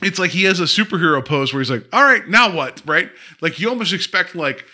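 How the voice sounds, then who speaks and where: A man co-hosting a podcast, talking about movies in an animated way, laughing often and breaking off mid-sentence. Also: a little high, quick pace. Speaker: podcast co-host. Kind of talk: casual movie chat.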